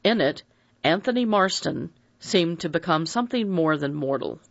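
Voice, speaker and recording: A narrator reading a mystery novel aloud in an expressive, dramatic audiobook style. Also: mid-range voice, moderate pace, gravelly, no echo. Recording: dry dull lo-fi recording.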